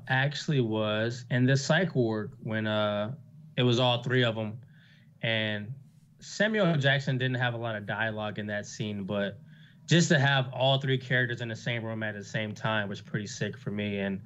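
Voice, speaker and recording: A young man guesting on a casual movie review chat, relaxed and full of slang. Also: mid-range voice, lo-fi sound, a little hiss or hum.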